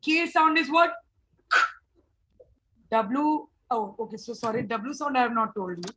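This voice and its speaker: A woman, teaching a phonics workshop, explaining slowly and repeating sounds. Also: on the high side, expressive, heavy background noise. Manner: slow, repetitive explaining with drawn-out sounds. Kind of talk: online phonics class for teachers.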